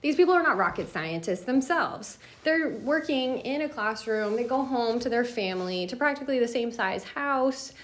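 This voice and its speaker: A chatty woman talks to the camera in a casual coffee-talk style, leaning hard on her points and laughing between them. Her voice sits a little high for a woman. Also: expressive, normal speed, hardly any pauses. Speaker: host of an education talk.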